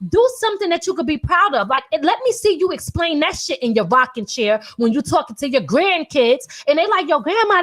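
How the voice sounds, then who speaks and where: A woman in her thirties hosting a podcast, an independent artist talking bluntly and animatedly with lots of profanity. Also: sits high. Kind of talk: casual opinionated talk.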